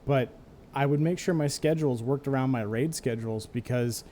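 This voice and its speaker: Mellow-voiced man chatting candidly. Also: medium pitch, brisk, a little hiss or hum. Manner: candid, rambling, self-mocking, laughs easily. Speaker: podcast host and former raid leader. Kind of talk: casual streamed gaming talk.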